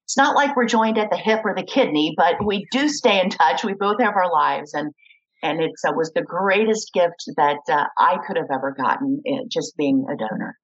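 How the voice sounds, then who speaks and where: A woman's voice: fairly low pitch, normal speed, husky, muffled recording. A middle-aged woman tells her personal story in an interview, acting out the voices of the people she quotes. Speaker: guest, kidney donor.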